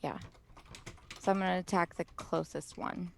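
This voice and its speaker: A woman's voice: on the low side, fairly even intonation, normal speed, gravelly, a little hiss or hum. A woman playing a tabletop game, speaking casually and a little hesitantly, with frequent likes and ums. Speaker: player.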